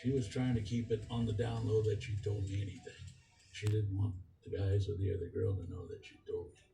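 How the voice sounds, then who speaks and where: Low-voiced older man telling a story. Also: flat delivery, fairly quick, vocal fry. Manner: plain-spoken, matter-of-fact. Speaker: Navy veteran interviewee. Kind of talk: first-person storytelling. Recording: distant roomy mic with loud music.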